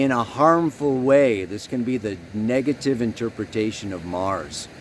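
A male astrologer talks through the sky at an unhurried pace, earnest and meandering, pressing down on the words he cares about. His voice sits in a middle pitch, and a faint background hum runs under it. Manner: rambling, earnest, emphatic on key words. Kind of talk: spiritual astrology talk.

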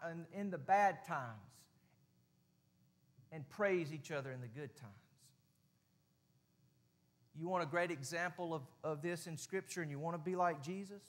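A man with a Southern US accent delivers a sermon in a church, his voice sitting high for a man. He talks in a folksy, plain-spoken way, rising to loud stretches and then dropping to a hush. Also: measured pace, long pauses. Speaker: preacher. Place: church sanctuary.

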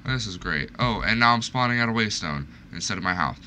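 A young man narrating his own gameplay in a lowish voice, moving between nervous muttering and yelps of alarm. He jokes at his own expense and talks straight to the creatures. The home recording carries clear background noise and keyboard typing. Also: lively intonation, fairly quick, sharp tone. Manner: panicky, self-mocking, talks to the game. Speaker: gaming streamer. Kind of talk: live gameplay commentary.

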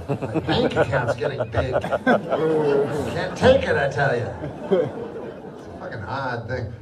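Middle-aged male stand-up with a deadpan ramble, lively pitch, filmed from far off in an echoey hall over roaring laughter. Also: noisy background. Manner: deadpan, rambling delivery with mumbled fillers. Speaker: stand-up comedian. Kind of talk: live stand-up set. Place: large hall with a live audience. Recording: roomy live hall, loud crowd laughter.

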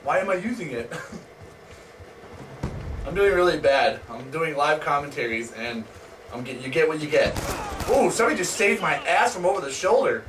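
A man hosting live gameplay commentary, excitable, swearing and yelling at opponents. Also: fairly high pitch, normal speed, long pauses. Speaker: gaming channel host. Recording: distant mic, noisy background.

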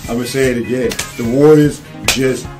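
A man hosting a reaction video, talking loudly and profanely, often shouting and laughing. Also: mid-range voice, fairly even intonation, moderate pace, over music. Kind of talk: excited reaction commentary.

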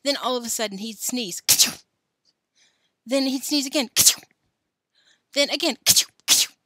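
A woman's voice: fairly high pitch, fast, no echo, clean studio sound, voice pushed up. Joe, a mischievous scheming boy, read by a woman. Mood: playful. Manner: playful, with loud fake sneezes.

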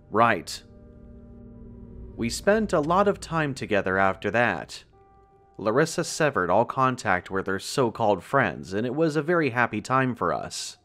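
Male horror narrator, steady first-person read, lower voice. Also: moderate pace, soft background music. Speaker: storyteller. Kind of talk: scripted horror story narration.

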